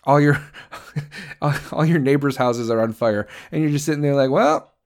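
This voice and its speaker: A man's voice: mid-range voice, moderate pace, a little mellow. A man hosting a profane political rant, crude, heated and sarcastic. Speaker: commentator host.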